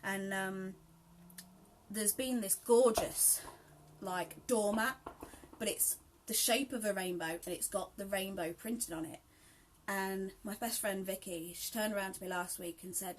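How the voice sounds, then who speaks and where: A woman's voice: mid-range voice, fairly even intonation, measured pace. A British woman chatting casually in a rambling way while she sews, with lots of ums and laughs. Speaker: sewing vlogger. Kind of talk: casual chat while sewing.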